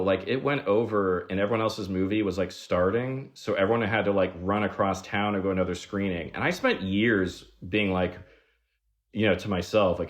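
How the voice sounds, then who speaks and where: Podcast guest, male, deep voice, chatty storyteller who says "like" a lot and mimics people he quotes. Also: a little fast. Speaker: guest screenwriter.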